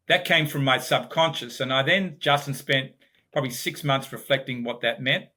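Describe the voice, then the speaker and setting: A man's voice: medium pitch, moderate pace, sharp tone. A middle-aged man with an Australian accent, a podcast guest telling his career story reflectively, often repeating words as he starts. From Sydney, Australia. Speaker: guest, business founder. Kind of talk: podcast interview.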